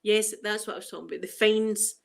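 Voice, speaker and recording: A woman's voice: mid-range voice, steady tone, fast, gravelly. A Scottish woman hosting a live stream, chatting casually and rambling with viewers, laughing often. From Scotland.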